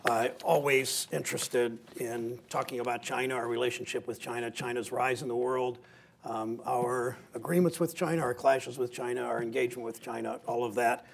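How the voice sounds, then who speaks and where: A man with a raspy, gravelly voice giving a folksy, self-deprecating speech with anecdotes to an audience in a meeting room, with a Midwestern American accent. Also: mid-range voice, steady tone, normal speed. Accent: Ohio, Midwestern American. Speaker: senator giving a talk. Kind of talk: after-dinner style speech with anecdotes.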